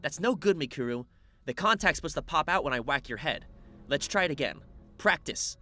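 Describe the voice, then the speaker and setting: A man's voice: fairly high pitch, lively intonation, a little fast, soft background music, pitched above the performer's own voice. A man voicing a domineering teenage girl who leads a school club, in an audiobook reading. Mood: bossy. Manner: loud, commanding, demanding.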